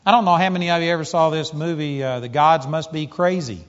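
A male preacher delivers his sermon in a fairly high voice, growing animated as he tells his story. The sound carries a long hall reverb. The recording is slightly dull and muffled. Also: fast. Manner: animated storytelling, rising pitch when excited.

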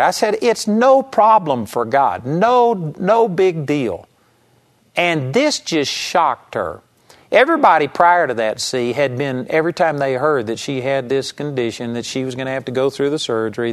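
A middle-aged man preaching, telling a story from his ministry and acting out what he and others said. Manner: animated, quotes himself with rising pitch. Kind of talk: sermon storytelling.

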